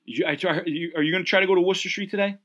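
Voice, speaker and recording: A man's voice: sits high, fairly even intonation, racing, fairly bright tone. A man from Connecticut in casual chat, rambling with many restarts and calling people dude.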